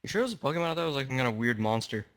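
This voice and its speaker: Male co-host, bright and lively, teasing banter on a dry close mic. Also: medium pitch, racing, no room sound. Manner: teasing and laughing. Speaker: podcast co-host. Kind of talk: casual chat.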